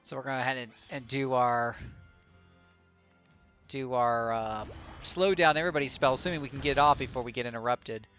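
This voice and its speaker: A man's voice: mid-range voice, moderate pace, pauses often, fairly bright tone, soft background music. A man streaming a game live, chatting and joking in a rambling way with many restarts. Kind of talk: live gameplay commentary.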